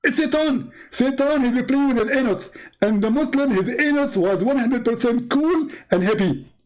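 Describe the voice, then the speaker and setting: A man's voice: extremely high pitch, darkish tone, low-quality recording. A man mocking a pompous, smug preacher. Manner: halting broken English, stammered repeats. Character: pompous smug male preacher, middle-aged, know-it-all. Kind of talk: mocking comic impression.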